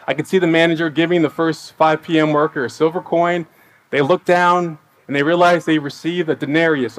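A man preaching in a relaxed, conversational way, with a voice a little higher than most men's. He puts questions to the congregation and acts out what the people in the story say. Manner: acts out the workers' voices when quoting them. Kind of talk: sermon.

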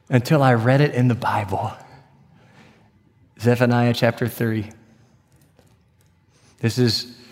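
A man preaching a sermon, moving between hushed whispers and bright, emphatic declarations. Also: mid-range voice. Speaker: pastor. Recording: long reverb of a large hall.

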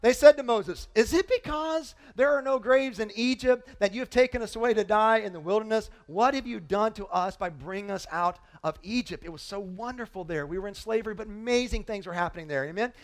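A man preaching a sermon as pastor, animated and full of rhetorical questions, reading scripture aloud to his congregation. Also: high-pitched, brisk, few pauses.

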